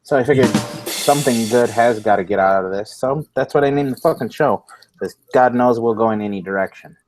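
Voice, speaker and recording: A man's voice: mid-range voice, fairly quick, a little mellow, faint music behind. A man hosting a casual online talk show, talking loosely with lots of swearing and jokes. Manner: loose, profane, joking, running on little sleep. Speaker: host of a vaping talk show. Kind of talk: casual chat.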